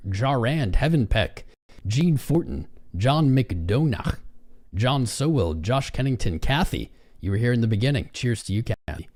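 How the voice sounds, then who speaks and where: A man hosting a live trading stream, hyping up his chat and reading viewer names one after another. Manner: hypes up chat, reads out viewer names rapidly; animated, swings between loud and low. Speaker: livestream host.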